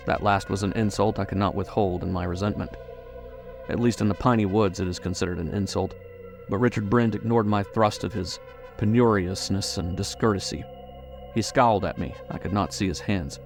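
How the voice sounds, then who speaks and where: A man narrating a horror audiobook in a measured, suspenseful way. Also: sits low, vocal fry, soft background music.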